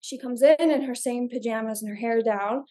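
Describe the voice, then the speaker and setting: A young woman tells her story as a podcast guest, her voice sitting a little high. She talks in an animated, chatty way and fills her sentences with little filler words. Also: normal speed. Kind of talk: casual storytelling.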